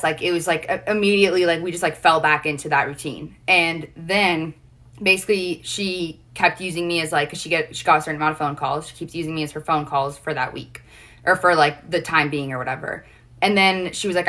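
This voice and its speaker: A young woman with a low-pitched voice tells a long personal story in a casual chat. Her tone is forceful and edged, and her telling is earnest and rambling, with many fillers and restarts. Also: fairly even intonation, fairly quick. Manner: emotional, earnest.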